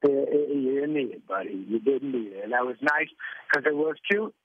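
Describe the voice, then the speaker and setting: A man's voice: medium pitch, expressive, normal speed, slight background noise. A man in his forties, a guest on a radio talk show, joking and rambling with lots of restarts. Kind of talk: casual radio interview. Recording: dull lo-fi radio sound.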